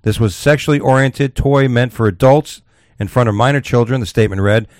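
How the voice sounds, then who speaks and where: A man hosting a casual talk show, reading odd news stories aloud with crude jokes and halting restarts. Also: mid-range voice, a little mellow, dry recording, clean studio sound.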